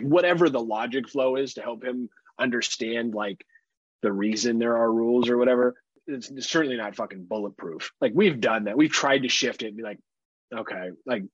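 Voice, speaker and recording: Podcast dad, thirties, swears freely and rambles with laughs; husky voice on a dull, dry mic. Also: male voice, mid-range voice, no echo. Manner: profane, rambling, laughs often. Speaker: podcast co-host. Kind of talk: casual chat.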